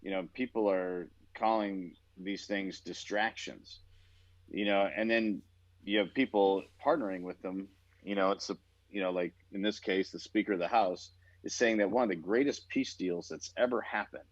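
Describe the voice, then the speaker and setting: Low-voiced rambling co-host on a dull line. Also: male voice, fairly even intonation, normal speed, no room sound. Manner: rambling, many fillers like "you know" and "like", dry humor. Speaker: podcast co-host. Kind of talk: casual podcast chat.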